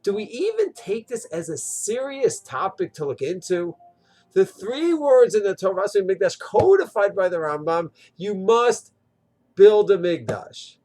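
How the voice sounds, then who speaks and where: A man's voice: high-pitched, a little slow. A man giving a short, impassioned Torah talk, asking rhetorical questions and mimicking others. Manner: rhetorical, animated, swings into mocking quoted voices. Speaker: Torah teacher. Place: Israel.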